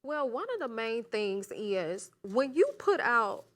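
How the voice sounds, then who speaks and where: A woman's voice: on the high side, animated, slow pace, fairly bright tone. A woman from Alabama with a Southern accent, explaining her work as a guest author. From Montgomery, Alabama. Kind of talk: casual interview.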